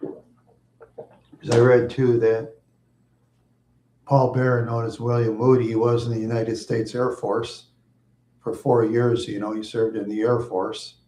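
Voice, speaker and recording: A middle-aged man talks in a loose, rambling way, chuckling often as he drifts through asides. His voice is dark and mellow. The room around him is echoey. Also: medium pitch, little pitch movement, slow pace, long pauses, slight background noise. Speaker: streamer answering viewers. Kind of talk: casual rambling chat.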